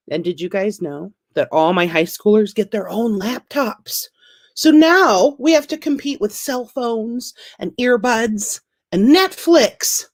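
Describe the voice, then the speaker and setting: A woman's voice: medium pitch, expressive, a little slow. A woman in her thirties doing a stand-up comedy set, wry and self-deprecating, with punchy delivery.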